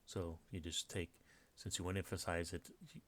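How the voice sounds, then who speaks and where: Very low-voiced man teaching punctuation. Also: flat delivery, moderate pace, a bit bright. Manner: explains step by step, many restarts and fillers. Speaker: writing teacher. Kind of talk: slide-based grammar lecture.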